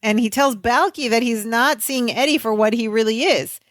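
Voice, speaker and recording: A woman co-hosting a sitcom rewatch podcast, casually retelling the plot with quick asides and easy laughter. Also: a little high, no echo. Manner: chatty storyteller, laughs easily, brief asides. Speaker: podcast co-host. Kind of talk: casual recap chat.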